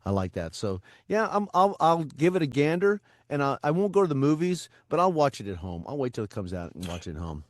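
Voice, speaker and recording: A man co-hosting a podcast, telling stories in an animated way and acting out voices in casual chat. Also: fairly high pitch, brisk, hardly any pauses, no echo, studio quality. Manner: animated storyteller who acts out voices. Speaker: podcast co-host.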